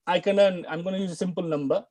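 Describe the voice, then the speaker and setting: In a fast, mellow, high voice with fairly even intonation, a man from the United Kingdom gives an online Arabic and Quran lesson. He speaks British English, stressing key words and repeating phrases for students to follow.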